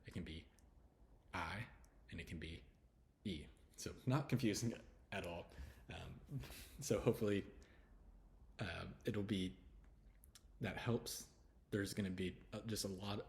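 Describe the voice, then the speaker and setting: A man from Texas with a Texan accent, casually teaching English letter sounds and repeating each sound slowly. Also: low voice, a little hiss or hum. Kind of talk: casual pronunciation lesson.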